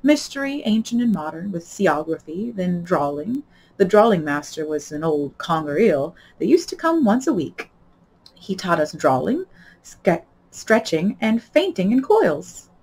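A woman voicing a sad male mock turtle in a read-aloud storybook, with a slow, sighing, mournful delivery. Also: fairly low pitch, very animated, a little mellow, husky, full character voice, rough recording.

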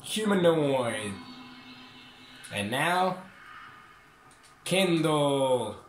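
A young man hosts a gaming channel, giving casual commentary as he plays, joking, swearing and taunting the enemies on screen. His fairly high voice is expressive with drawn-out words, recorded in a roomy space with slight background noise.

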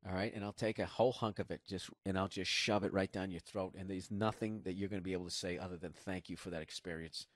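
A man's voice: sits low, fairly even intonation, quick pace, few pauses, dry recording. A middle-aged man with a Boston accent, hosting a podcast and ranting sarcastically with lots of swearing. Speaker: podcast host. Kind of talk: casual comedic monologue.

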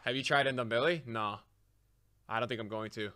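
A young man giving live commentary on his own football video game match to his chat, excitable, swearing often and yelling at big plays. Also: medium pitch, normal speed, slight background noise. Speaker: game streamer.

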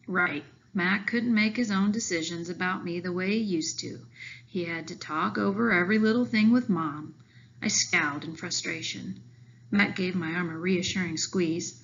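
A woman teacher reading a children's novel aloud to her class, expressive and voicing the characters lightly. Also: on the low side, moderate pace, highs cut off.

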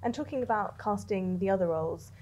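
Woman interviewer, mid-pitched, relaxed hedging questions. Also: brisk, a little hiss or hum. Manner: warm questioning, hedging with "kind of". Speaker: interviewer, host. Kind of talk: conversational Q&A interview.

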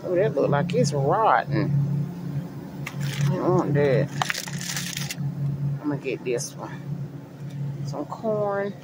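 A woman's voice: low-pitched, sing-song, takes it slowly, long pauses, very noisy. A middle-aged woman chatting to her viewers as she browses a large store, thinking aloud about what to buy. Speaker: vlogger. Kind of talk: casual shopping vlog talk to viewers. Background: store ambience.

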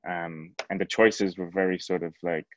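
A man's voice: low voice, fairly even intonation, normal speed, dull audio, slight background noise. A man, a cinematographer, answering on a panel in a casual, searching way. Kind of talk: panel discussion.

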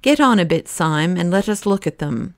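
A man's voice: sits high, animated, normal speed, dry recording, clean studio sound. A woman reading an audiobook, voicing a hearty, impatient young male doctor in a raised voice. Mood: gleeful. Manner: blunt, boisterous and impatient.

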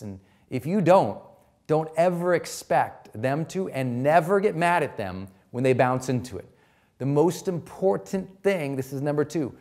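A man's voice: a little high, darkish tone. A middle-aged man giving an emphatic motivational talk as a personal growth coach, repeating his key points.

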